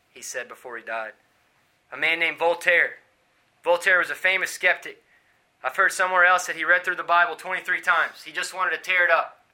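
A man preaching a sermon, swinging from hushed pleading to loud shouting. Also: a little high, fairly even intonation, brisk, long pauses.

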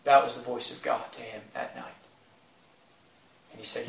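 A man's voice: mid-range voice, steady tone, normal speed. A man preaching a sermon with impassioned, repetitive phrasing that swells in emphasis. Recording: echoey room, mic at a distance.

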